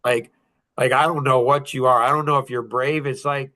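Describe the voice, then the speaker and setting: Podcast host, man, 60s, blunt and preachy, bright voice. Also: mid-range voice, fairly even intonation, moderate pace. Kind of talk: casual podcast talk.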